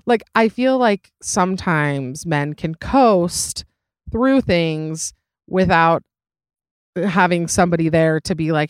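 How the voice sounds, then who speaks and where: A woman's voice: lowish voice, expressive, normal speed, no echo, studio quality. A woman hosting a podcast, chatting casually and giving advice, rambling with lots of fillers, restarts and giggly asides. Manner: rambling, many fillers and self-corrections. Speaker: podcast host.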